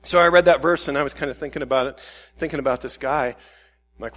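A man's voice: sits high, rapid-fire, a bit bright. A man preaching a sermon in a conversational way, acting out prayers and quotes with rising intensity. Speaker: pastor.

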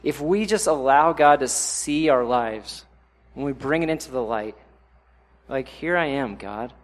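A young adult man preaching a sermon in a conversational way, often acting out inner voices in sudden louder bursts. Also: mid-range voice, lively intonation, measured pace. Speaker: pastor.

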